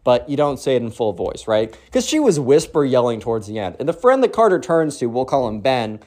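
Excitable, slangy young man telling a story. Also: mid-range voice, a little fast. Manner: slangy, excitable, lots of 'bro' and 'like'. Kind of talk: casual storytime vlog.

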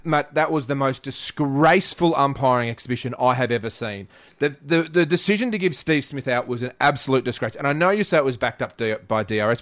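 A man's voice: mid-range voice, fairly bright tone. An Australian man, a podcast co-host, ranting in a fired-up, indignant way. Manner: indignant, rapid-fire complaints.

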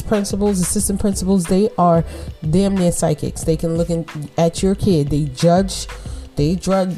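A woman hosting a casual motivational podcast in a low, mellow voice. She speaks with emphasis, repeats words for stress and laughs often. Faint music plays behind her. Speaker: podcast host and mother.

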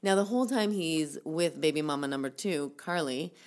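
A woman's voice: low voice, normal speed, darkish tone. A woman casually recounting a story to a co-host, rambling with many fillers and restarts. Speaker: podcast co-host telling a story.

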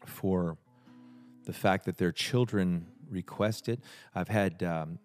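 A man hosting a podcast, chatting casually with a guest and telling stories, sinking into a low confiding tone for anecdotes. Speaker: podcast host. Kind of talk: casual chat and storytelling.

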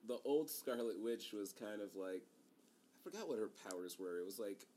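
A man's voice: fairly low pitch, expressive, normal speed, mellow, a little hiss or hum. Laid-back man, casual chat. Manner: laid-back, lots of "like" fillers. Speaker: podcast co-host.

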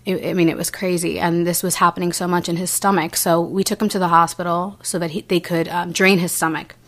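A young adult woman telling a personal story as an interview guest, earnest and halting, with frequent restarts and fillers. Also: on the low side, level tone, a bit bright.

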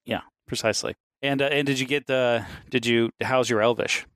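A man in mid-range pitch chatting casually as a podcast co-host. He rambles through restarts and swears freely, with a chuckle never far off. The sound is dry and close, with no room around it. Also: steady tone, normal speed, fairly bright tone, smooth, no echo. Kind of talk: casual chat.

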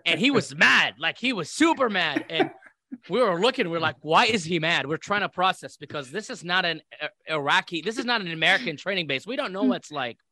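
In a high voice, a man from Iraq briskly relates a story as a podcast interview guest, chatting casually and animatedly voicing the other people in it. The recording is dry.

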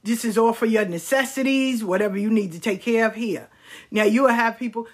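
A woman telling frank stories in a candid monologue, blunt and profane, with emphatic delivery and quick mimicry of other people. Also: mid-range voice, husky. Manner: mimics people in quoted asides.

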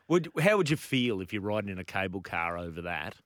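Brief: male co-host, dry quipping delivery, varied pitch, close dry mic. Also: big pitch swings, moderate pace, a bit bright, no echo. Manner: wisecracking. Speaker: radio co-host. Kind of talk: casual banter and news reading.

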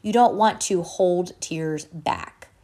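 A woman podcast host reading an article aloud in a measured way, stopping now and then to correct her own slips. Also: lowish voice, dark tone.

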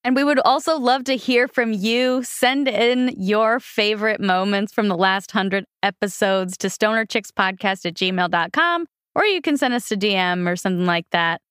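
A woman's voice: medium pitch, moderate pace, few pauses, fairly bright tone, clean tone, no echo, studio quality. A young woman co-hosting a podcast in casual chat, giggly and enthusiastic. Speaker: podcast co-host.

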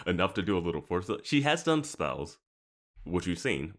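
A young man with a very deep voice that still swings up and down a lot. He chats casually about a TV show, jokes around and laughs often. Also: a little slow. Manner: animated, jokey, laughs a lot. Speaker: podcast co-host.

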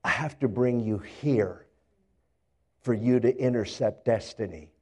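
A man voicing God, speaking slowly and patiently to Joseph in a sermon retelling. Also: mid-range voice, dark tone, husky, voice pushed down. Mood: reassuring. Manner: slow, measured, reassuring.

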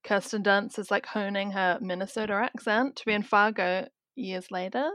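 A woman's voice: medium pitch, fairly even intonation, moderate pace, a bit bright, no room sound. Giggly South Australian woman, dry close sound. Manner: friendly and giggly, laughs often. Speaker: podcast guest. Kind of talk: casual film podcast chat.

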